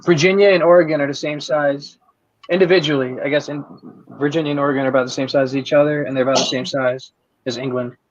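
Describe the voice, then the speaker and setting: A man chatting casually in a quick, matter-of-fact way. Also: on the high side, steady tone. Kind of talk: casual chat. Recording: dull lo-fi sound with faint noise.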